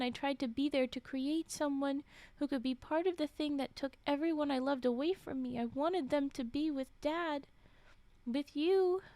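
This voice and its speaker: A grieving woman pours out a long, earnest confession, as a woman reads it aloud. The voice is high and the recording is close and dry. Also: a little mellow, no echo.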